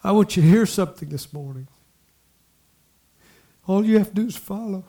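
A man preaching a sermon, talking to the congregation in asides and repeating lines as he builds to loud exhortation. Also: high voice, moderate pace, long pauses. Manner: impassioned, repetitive preaching that swells to loud exhortation. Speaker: pastor.

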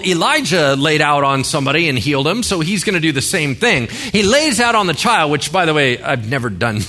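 A man's voice: on the high side, sharp tone. A male pastor giving a sermon in a conversational way, with joking asides and rhetorical questions.

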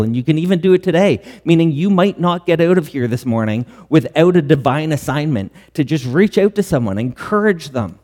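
A man's voice: on the high side, darkish tone. A man preaching a sermon as pastor, earnest and full of rhetorical questions. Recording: long hall reverb.

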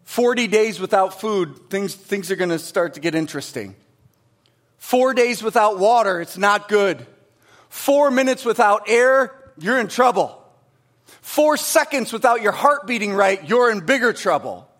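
A middle-aged man delivers a sermon from the pulpit in a high, light voice. He preaches with animated energy, pushing some lines out loud and dropping others to a near hush. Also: a little slow. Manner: animated preaching, swings from loud emphasis to hushed asides. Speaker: pastor.

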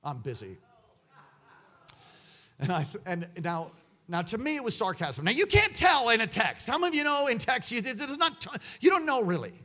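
A man preaching a sermon, swinging between loud exclamations and hushed asides. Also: extremely high pitch, sing-song, brisk.

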